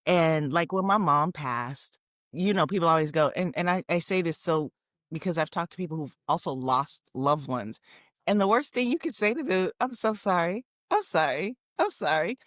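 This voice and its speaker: Woman podcast host, low-ish voice, bouncy and animated, laughs a lot, dry room. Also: normal speed, no echo. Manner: animated, laughs often, chatty storyteller. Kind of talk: casual chat.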